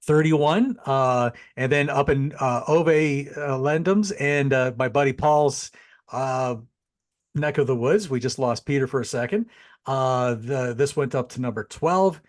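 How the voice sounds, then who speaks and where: A middle-aged man hosting a casual chat show, animated and chatty, wandering into asides. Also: medium pitch, a little slow. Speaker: podcast host. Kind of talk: casual chat over a video call.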